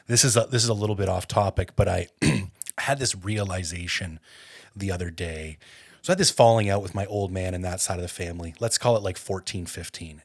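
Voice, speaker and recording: A man from Canada hosting a podcast, telling a personal story in a casual, animated way and getting fired up, with many filler words. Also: low voice, breathy edge. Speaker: podcast host.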